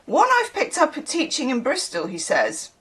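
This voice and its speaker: A woman's voice: sits high, wildly swooping pitch, brisk, fairly bright tone. A woman from the UK, a tarot reader who chats in a rambling way, with laughing asides. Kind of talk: casual chatty reading.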